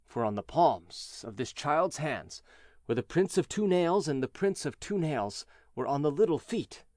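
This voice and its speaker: A man narrating a fairy tale for English learners in a clear, measured, expressive way. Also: a little high, dry recording, studio quality. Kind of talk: storybook reading for English learners.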